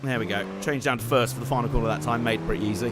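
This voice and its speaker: A man giving joking, excitable live commentary while playing a racing game and chatting to his viewers. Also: mid-range voice, very fast. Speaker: streamer. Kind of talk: live let's-play commentary. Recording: game car noise underneath.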